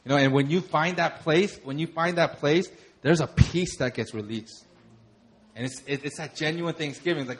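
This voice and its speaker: A young man preaching, his voice sitting a little higher than most men's. He speaks conversationally, moving from quiet, earnest reflection into lively, laughing stories. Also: normal speed, slightly rough. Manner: conversational, animated storytelling with laughter. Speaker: pastor. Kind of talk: sermon.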